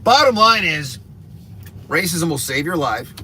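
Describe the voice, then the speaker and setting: A man, a comedian, ranting in a crude, rambling, deliberately provocative way on a live stream from a moving car. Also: a little high, very animated, pushed and bright, slight background noise. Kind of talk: provocative live stream rant while driving.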